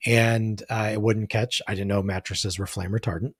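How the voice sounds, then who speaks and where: A man in his forties with a husky voice tells a candid story as a podcast guest. He sits low in his range and talks earnestly, dropping "like" often. The recording is dry and close. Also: level tone, normal speed, no echo. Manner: earnest, frank, frequent "like" fillers. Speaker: podcast guest, de-escalation trainer.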